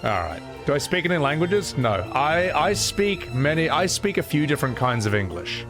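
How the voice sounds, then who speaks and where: A man's voice: on the high side, big pitch swings, moderate pace, music in the background. A man streaming a game, rambling in casual commentary and swearing freely.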